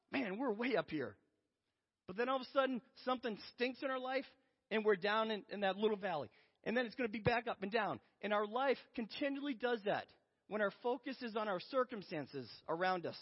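Male pastor in a church, high voice, joking storyteller, lo-fi recording. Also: expressive, moderate pace, husky. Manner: storytelling, self-deprecating humor. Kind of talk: sermon. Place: church sanctuary. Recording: lo-fi with long hall reverb.

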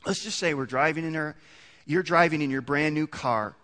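Animated male preacher in a reverberant hall. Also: a little high, normal speed. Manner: conversational, builds to emphatic peaks with many restarts. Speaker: pastor. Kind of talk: sermon.

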